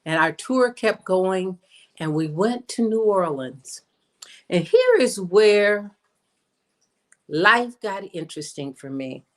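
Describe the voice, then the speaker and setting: A woman minister giving an inspirational sermon as a personal story, slowing down to stress her points. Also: expressive. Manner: storytelling, acts out quoted voices with big pitch jumps; slows down for emphasis. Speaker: guest minister. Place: streamed in from home or studio.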